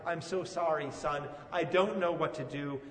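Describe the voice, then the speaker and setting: A man's voice: on the high side, moderate pace, pitched below the performer's own voice, natural voice. A man preaching acts out a desperate father begging for help for his son. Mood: pleading. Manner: pleading, crying out. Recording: echoey hall from far off.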